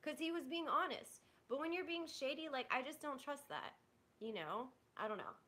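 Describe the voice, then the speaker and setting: A woman's voice: high-pitched, lively intonation, moderate pace, pushed and bright. A young woman on a livestream, venting bluntly to her chat, swearing and restarting her sentences. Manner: frustrated, blunt and profane, with many "like"s and restarts. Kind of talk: venting live to stream chat.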